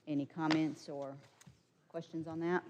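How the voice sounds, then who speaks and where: A woman with a lowish voice chairs a county council meeting, reading budget figures and calling votes in a businesslike manner. Her voice rings with long reverb from the meeting hall. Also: level tone, measured pace, muffled recording, background noise. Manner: businesslike, reads figures aloud.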